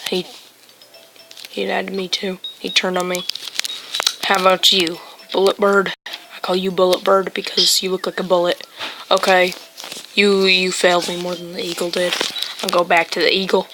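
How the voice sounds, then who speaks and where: A woman's voice: mid-range voice, fairly bright tone, slight background noise, rough recording. Woman cheering on a game bird. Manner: playful, talks to the game birds, cheering and scolding. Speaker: gamer playing a mobile bird game. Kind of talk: casual gameplay commentary.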